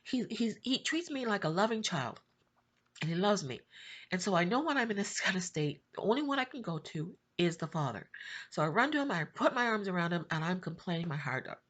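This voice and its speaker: A middle-aged woman speaks with a lowish voice as she pours out an emotional personal testimony. Her delivery is impassioned and repetitive, and she often climbs to high, pleading cries. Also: sing-song, a little fast. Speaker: Christian YouTube prophetic channel host.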